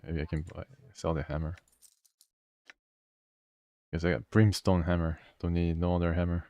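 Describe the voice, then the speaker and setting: A man playing a video game, reading its text aloud and thinking out loud as he goes. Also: deep voice, level tone, normal speed, dry recording. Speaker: gamer. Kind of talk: let's play commentary.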